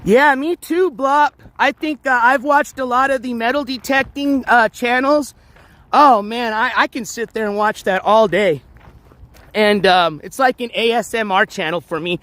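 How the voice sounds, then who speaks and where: A man's voice: very high-pitched, moderate pace, pushed and bright, no room sound. A man live-streaming outdoors on a trail, chatting casually to viewers with lots of fillers and restarts while walking.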